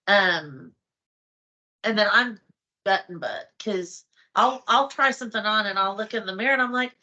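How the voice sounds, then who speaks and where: A woman's voice: medium pitch, moderate pace, bright, forceful tone, dull audio. A middle-aged woman chatting as a guest, telling stories and acting out her own thoughts. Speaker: host's wife, guest. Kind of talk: casual chat.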